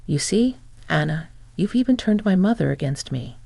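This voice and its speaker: A reader voicing a sneering selfish husband. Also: male voice, sits high, lively intonation, normal speed, vocal fry, darkish tone, dry recording, full character voice. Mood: scornful. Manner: contemptuous, sneering. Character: scornful selfish young husband, a man.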